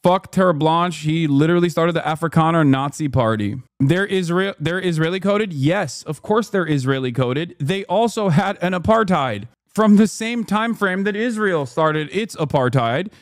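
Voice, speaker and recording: Profane, fast-talking male streamer, dry close mic. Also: on the high side, no echo. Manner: profane, animated, reading aloud from a wiki page. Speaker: streamer reacting to news clips. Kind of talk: casual live-stream commentary.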